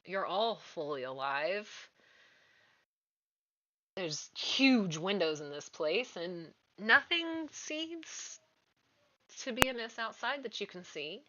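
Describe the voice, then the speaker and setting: A woman's voice: medium pitch, a bit bright, muffled recording. A woman game master narrating a tabletop game in a hesitant, casual way with frequent ums. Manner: hesitant, many ums, giggly asides.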